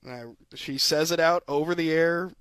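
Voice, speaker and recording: A man's voice: fairly high pitch, normal speed, fairly bright tone, clean tone, no room sound. A man co-hosting a sports podcast, telling stories animatedly, laughing often and acting out voices in casual chat. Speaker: podcast co-host.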